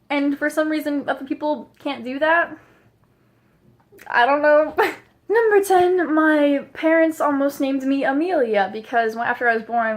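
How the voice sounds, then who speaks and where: A young woman rambling through a casual vlog about herself, laughing often and swearing freely. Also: fairly high pitch. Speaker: vlogger.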